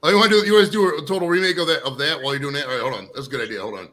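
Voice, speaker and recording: A man's voice: on the high side, very fast, a loud crowd. A man co-hosting a livestream, bantering loosely and swearing in casual chat. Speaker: livestream co-host.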